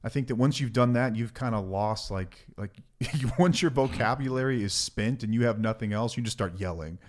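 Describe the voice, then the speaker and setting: A man's voice: medium pitch, moderate pace. A man co-hosting a podcast, talking earnestly with joking asides. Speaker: podcast co-host. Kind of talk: casual chat.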